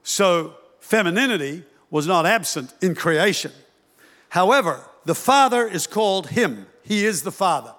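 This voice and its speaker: High-voiced man preaching in a reverberant hall. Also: a little slow. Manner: animated, acts out parents' voices with humor. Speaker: pastor. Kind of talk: sermon.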